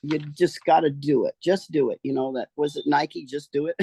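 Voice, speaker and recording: A woman's voice: deep voice, steady tone, normal speed, vocal fry, mellow, breathy edge. An older woman talking casually about her life as an interviewee, in a folksy, rambling way that trails off and restarts. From American rural West. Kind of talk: casual storytelling.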